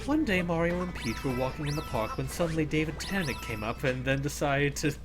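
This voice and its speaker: Quick, animated rambler, casual game chat over music. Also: medium pitch. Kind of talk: casual group let's play chat. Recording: gameplay music underneath.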